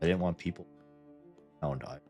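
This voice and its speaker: A Canadian man streams a game, chatting casually in a Canadian accent, laughing often and swearing when something startles him. His voice sits low with fairly even intonation and a darkish tone at normal speed, with soft background music behind it.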